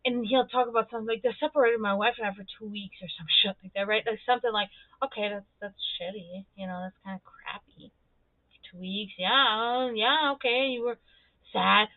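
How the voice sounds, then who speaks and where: A woman streamer talking bluntly and profanely in a casual, animated monologue. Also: medium pitch, moderate pace, no room sound. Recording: tinny phone-like audio.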